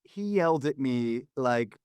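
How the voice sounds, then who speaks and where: A man telling a story in a casual podcast chat, animated and acting out the people he quotes. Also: measured pace, clean tone, no echo. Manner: animated, acts out quotes with big pitch jumps. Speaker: former record promotion man, guest storyteller.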